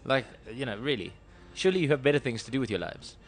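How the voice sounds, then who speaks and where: A man's voice: medium pitch, expressive, fast. A man co-hosting a casual radio chat show, jokey and laughing often. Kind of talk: casual banter.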